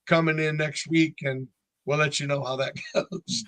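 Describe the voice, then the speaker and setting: A man's voice: fairly high pitch, level tone, moderate pace, fairly bright tone, dry recording. A man in his sixties from North Carolina, a band frontman telling stories in a casual interview and acting out other people's lines. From North Carolina, USA. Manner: chatty storyteller, acts out other people's lines.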